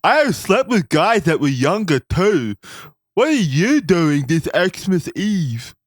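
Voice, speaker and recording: A man's voice: high voice, very animated, slow pace, no echo, clean studio sound, voice pushed up, full character voice. A man voicing a creepy middle-aged male online predator, reading chat lines in a put-on nerdy, sleazy voice. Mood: sleazy eager.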